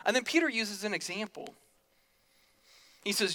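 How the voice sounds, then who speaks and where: A man's voice: sits high, normal speed, long pauses, bright, forceful tone. A man preaching a sermon in a casual, joking way, slipping into quoted voices, in a church hall. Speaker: pastor. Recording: long hall reverb.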